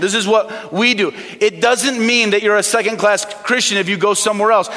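Man preaching, middle-aged pastor, high bright voice, emphatic, echoing church hall. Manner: emphatic preaching, call-and-response questions. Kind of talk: sermon. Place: church auditorium. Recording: long reverb of a church hall.

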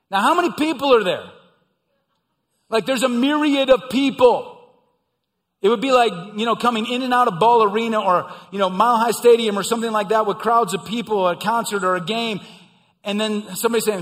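A man preaching a sermon as pastor, talking conversationally and swinging between loud, excited asides and hushed emphasis. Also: sits high, brisk, big-room sound.

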